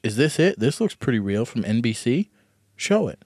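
A man co-hosts a casual podcast and reacts to news footage with loud, sarcastic disbelief. His voice is mid-pitched, and the close mic leaves the sound dry with no room around it. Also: big pitch swings, moderate pace, husky, no room sound. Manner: sarcastic, incredulous, laughs often. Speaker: podcast co-host.

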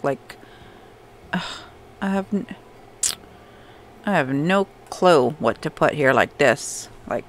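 A woman's voice: deep voice, animated, slow pace, pauses often, a little hiss or hum. A young adult woman casually commenting on her gameplay, chatting to game characters and laughing often. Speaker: gameplay streamer. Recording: faint background music.

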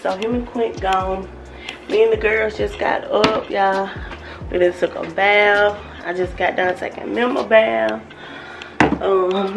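A woman's voice: medium pitch, vocal fry. A woman, chatting casually to the camera about her morning as a family vlogger. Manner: chatty, relaxed, talking to viewers as y'all. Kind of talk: casual vlog chat to camera. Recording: noisy background.

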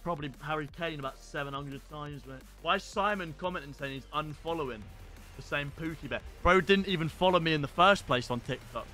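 A young man streaming live and chatting casually while opening packs in a football game, excitable and sweary. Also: a little high, a little fast, faint music behind. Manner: excitable, shouts at pack pulls, swears.

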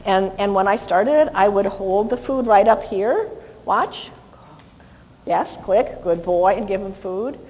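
A woman's voice: mid-range voice, takes it slowly, a little mellow, long reverb tail, low-quality recording. A woman dog trainer teaching a live seminar, cheerful as she demonstrates with a dog and coos to it sweetly.

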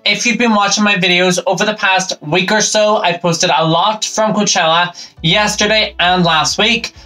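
A man's voice: high-pitched, steady tone, moderate pace, rough recording. A man hosting a reaction channel, giving upbeat, enthusiastic commentary on a concert performance. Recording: concert music playing loud behind. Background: music.

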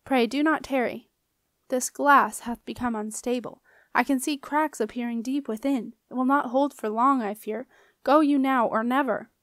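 A formal male alchemist speaks in stately old-world phrasing, measured and solemn, as a woman reading the book puts him on. The voice sits fairly high and sounds dry and close, like a storybook reading. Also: steady tone, no echo, close to an everyday voice. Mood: urgent. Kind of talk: audiobook character reading.

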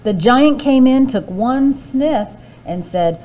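Librarian lady reading a kids fairy tale, slow and expressive, soft hushed asides. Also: sits high, low-quality recording. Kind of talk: children's storybook reading.

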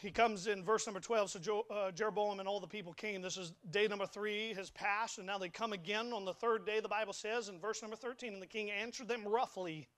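A man's voice: sits high, fairly even intonation, fairly quick, hardly any pauses, fairly bright tone. A young man preaching a sermon in a church, folksy and emphatic, often stammering and repeating words. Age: young adult. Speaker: pastor. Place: church sanctuary.

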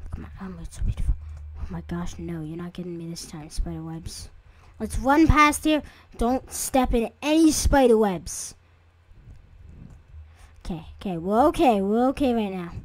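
A woman's voice: medium pitch, expressive, a little slow, no echo. A young woman chatting through a game as she plays it, talking to her viewers and jumping into startled squeals. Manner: chatty, jumpy, easily startled, with sudden squeals. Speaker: gaming video creator. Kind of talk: casual let's-play commentary.

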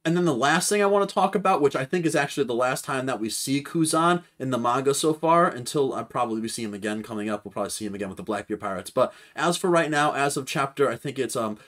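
A man's voice: medium pitch, expressive, fast talker, hardly any pauses, fairly bright tone. Rambling male anime commentator. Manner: rambling, speculative, with fillers and restarts. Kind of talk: casual video commentary.

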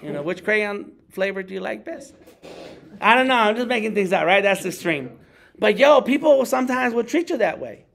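Middle-aged male artist, casual workshop host, raspy and slightly high, conversational with jokey impressions. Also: lively intonation, moderate pace, a bit bright. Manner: conversational, acts out others in high jokey voices. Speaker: working artist leading a meetup talk.

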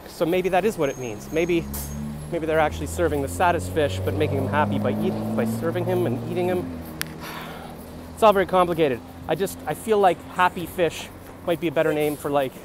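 Background noise accompanies a young comedian vlogger speaking in a mid-range voice. Outdoors on a city street, he rambles, muses, and free-associates for a comic vlog recorded on a handheld phone.

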